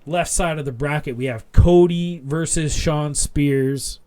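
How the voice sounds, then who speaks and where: A man co-hosting a casual wrestling podcast, rambling and animated as he retells a segment, full of restarts. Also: a little high, unhurried. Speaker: podcast co-host.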